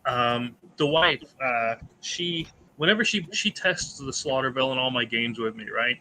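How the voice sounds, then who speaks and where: A man's voice: mid-range voice, a little slow, pushed and bright, slight background noise, low-quality recording. A man who designs indie games chats eagerly in a convention panel, rambling with many restarts. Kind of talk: casual convention panel chat.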